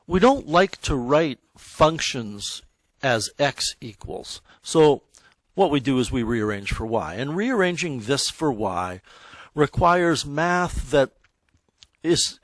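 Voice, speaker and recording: A man teaching a math class, explaining in a relaxed, conversational way that stops to check in with the students. His voice sits at an ordinary middle pitch for a man. The sound is dry and close, with little room echo. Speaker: high school math teacher. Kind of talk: classroom lecture.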